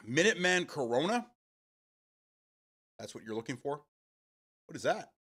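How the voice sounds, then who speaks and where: A man's voice: a little high, sing-song, unhurried, fairly bright tone, breathy edge. Rambling, foul-mouthed male streamer. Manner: rambling, swears freely, answers chat. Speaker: live stream host. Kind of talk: casual chat with stream viewers.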